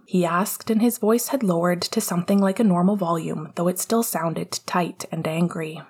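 Breathy, low-voiced woman narrating a story. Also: normal speed, a little mellow. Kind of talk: audiobook reading of fan fiction.

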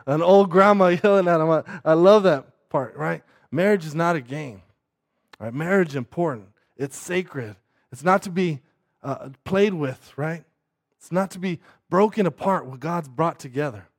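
A man's voice: fairly high pitch, a little slow. A man preaching a sermon who keeps asking the listeners "right?" and often repeats words as he restarts his sentences.

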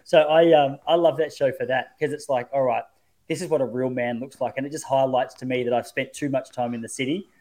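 A man's voice: mid-range voice, steady tone, brisk, mellow. Chatty man telling stories. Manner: chatty storyteller, self-mocking. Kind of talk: casual chat.

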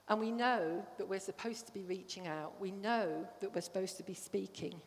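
A woman gives a friendly, conversational sermon, regularly asking the congregation if they follow. Her voice sits at an ordinary middle pitch. It rings out with a long reverb, as if recorded in a large church hall. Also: moderate pace, few pauses. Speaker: church speaker.

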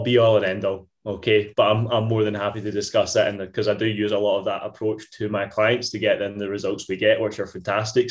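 A young Scottish man from Ayrshire, a fitness coach chatting upbeat and casual as a podcast guest. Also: lowish voice. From Ayrshire, Scotland. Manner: chatty, upbeat, lots of mate and wee.

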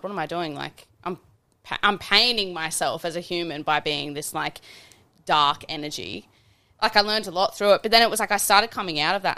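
Woman on a podcast, lowish but really bright voice, thinks out loud, says like a lot. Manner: reflective, lots of "like" fillers. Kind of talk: casual podcast chat.

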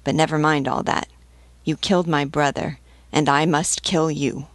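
A woman's voice: low-pitched, steady tone, normal speed, no echo, close to an everyday voice. A woman reading as a simple, devout sailor who speaks plainly and earnestly. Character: simple devout young sailor, loyal and blunt. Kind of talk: audiobook reading.

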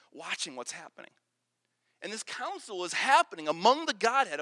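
A pastor with a high, sharp voice preaches earnestly through stories, repeating words as he builds momentum. He's in a large hall before an audience, and the recording has a long hall reverb.

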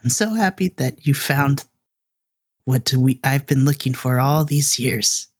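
A man voicing an elderly woman, a gentle longtime family servant, who speaks tenderly and with affection in a tabletop role-play. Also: mid-range voice, a little slow, slightly rough.

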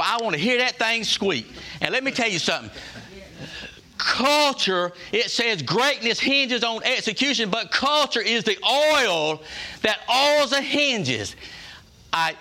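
A man rallies his staff like a preacher, circling back to the same phrases and firing questions at the room. His voice sits high for a man and rings bright and forceful. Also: expressive, unhurried. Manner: folksy, emphatic, repeats phrases and asks the room questions. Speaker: workplace leader giving a culture talk. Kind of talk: preacher-like motivational talk to staff.

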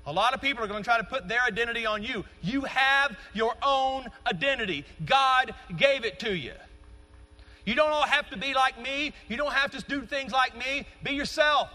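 A middle-aged man preaches with rising passion, his voice high and bright. He builds line by line to emphatic peaks. The sound carries a long reverb through a large sanctuary. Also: moderate pace. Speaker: pastor. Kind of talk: sermon.

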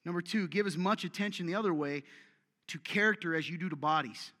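A man's voice: high voice, fast talker, sharp tone, in a large hall. A man preaching a sermon to a room of men in an exhortative, direct way, repeating short commands for emphasis. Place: church meeting room with audience.

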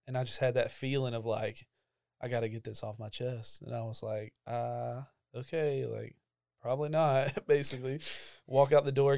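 A man's voice: medium pitch, a little mellow, smooth, no echo, clean studio sound. A young man, casually telling a personal testimony about his call to ministry, full of fillers and emotion. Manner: conversational storytelling with frequent fillers, emotional. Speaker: church ministry staff member.

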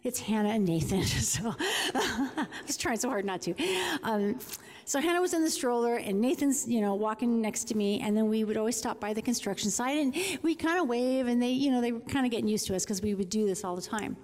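A woman's voice: fairly high pitch, expressive, a little fast, a little mellow. A woman giving an informal devotional talk to a room of listeners, telling a story in a chatty way with frequent restarts. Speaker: speaker. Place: large room before an audience. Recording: long reverb of a large hall.

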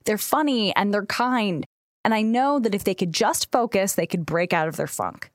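A young woman co-hosting a casual podcast, her voice swinging widely in pitch as she reads listener letters and riffs with her partner. She laughs easily and tells stories with animated energy. The sound is dry and close, with no room in it. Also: moderate pace, dry recording. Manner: lively, laughs often, animated storytelling. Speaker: podcast co-host answering listener questions. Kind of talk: casual chat.

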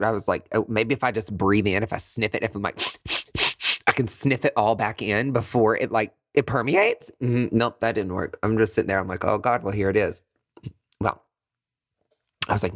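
A podcast host telling a comedic personal story in a chatty, animated way, laughing often. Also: medium pitch, no room sound, studio quality.

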